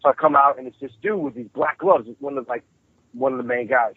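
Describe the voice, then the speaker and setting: Man with a husky voice on a tinny phone line. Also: mid-range voice, quick pace, no room sound. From New York. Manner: profane, rambling, animated storyteller. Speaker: guest musician. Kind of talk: casual storytelling interview.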